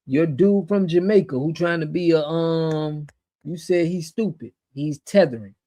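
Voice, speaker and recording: A man's voice: on the high side, measured pace, mellow. An American man hosting a casual livestream, answering chat in an emphatic, slangy way and repeating himself when he gets fired up. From United States. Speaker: show host.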